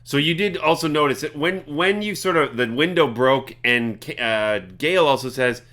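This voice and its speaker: A man narrating as game master of a tabletop game, talking in halting bursts full of fillers. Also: on the high side, a bit bright. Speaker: dungeon master.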